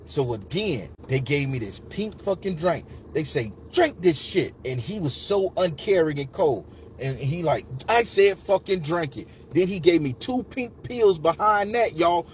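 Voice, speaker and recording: A man in his forties recounts a personal memory in a raw, emotional, heavily profane way, often calling out to his listeners directly. His voice sits fairly high for a man. Faint noise runs behind him. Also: darkish tone. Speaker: podcast storyteller. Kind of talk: casual storytelling.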